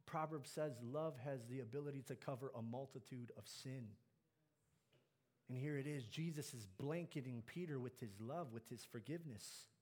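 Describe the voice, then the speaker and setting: A man preaching a sermon, climbing to loud emphatic peaks and dropping low and soft on key lines. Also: moderate pace.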